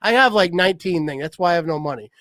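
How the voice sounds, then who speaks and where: Casual sports host, man in his 40s, high lively voice, rambling delivery, dry close mic. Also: fast, dry recording. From Wisconsin, USA. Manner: rambling, laughs often, repeats himself. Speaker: podcast host.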